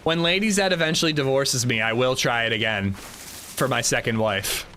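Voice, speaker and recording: A man's voice: mid-range voice, moderate pace, slight background noise. A young man live-streaming a game, casually telling a story to his chat and laughing along. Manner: animated storytelling, laughing, reading chat aloud. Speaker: livestreamer.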